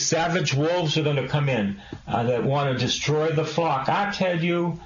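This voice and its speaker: A man preaching a sermon, reading scripture aloud and breaking in with quick, emphatic asides to the congregation. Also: on the high side. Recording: echoey room, dull lo-fi sound with faint hiss.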